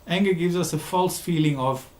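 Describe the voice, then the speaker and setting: A man's voice: fairly high pitch, normal speed, darkish tone. Emphatic male therapist in an echoey room. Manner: emphatic, repeats key words, frequent ums. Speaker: therapist giving a talk series. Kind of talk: recorded talk on conflict.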